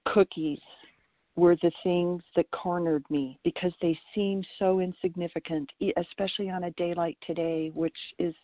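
This woman shares her recovery story in an earnest, reflective way and repeats words to stress a point. Her voice sits low, and it comes through a tinny phone line. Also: no room sound. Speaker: meeting participant sharing.

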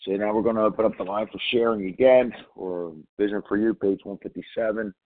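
Man, meeting chair, relaxed and slightly scattered, phone-line sound. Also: fairly low pitch, brisk, dry recording. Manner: easygoing, a bit flustered collecting names.

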